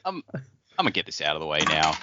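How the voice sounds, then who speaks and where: A man's voice: a bass voice, wildly swooping pitch, quick pace, background noise. A man co-hosting a podcast, chatting casually and joking about a book. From Australia. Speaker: podcast co-host. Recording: dry, dull lo-fi audio.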